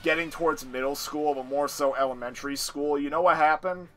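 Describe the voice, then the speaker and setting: A young man chatting casually with a friend, animated and excitable. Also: a little high, fairly quick. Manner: animated, excitable, yells for effect. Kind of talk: casual chat.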